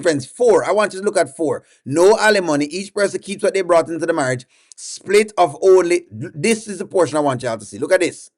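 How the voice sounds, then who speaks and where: A man's voice: sits high, lively intonation, brisk, few pauses. A man with a Jamaican accent hosting a casual livestream, coaxing viewers and repeating himself as he reads their comments aloud.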